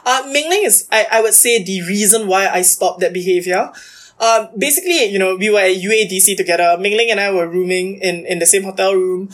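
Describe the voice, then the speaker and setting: A woman's voice: medium pitch, brisk. A young woman, a guest chatting in an interview and packing her talk with "like" fillers. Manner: chatty and animated, many "like" fillers. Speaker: podcast guest, university debater. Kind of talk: casual interview chat.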